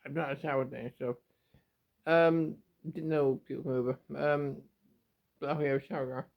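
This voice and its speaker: A man's voice: mid-range voice, steady tone, moderate pace. A young man talking straight to his camera in an emotional, rambling confessional, stumbling and repeating himself, close to tears. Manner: rambling and repetitive, stumbling over words. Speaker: vlogger. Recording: dull lo-fi home video.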